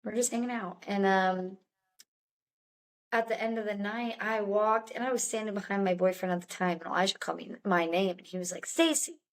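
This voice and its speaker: A woman's voice: mid-range voice, steady tone, brisk. Young woman guest, candid storyteller, chatty with small laughs. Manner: chatty, many "like"s, laughs between lines.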